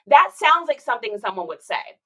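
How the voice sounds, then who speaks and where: A woman's voice: on the high side, big pitch swings, brisk, fairly bright tone, poor audio. A woman chatting casually on a livestream while packing orders, reading viewer comments aloud and laughing often. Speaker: reseller streaming live.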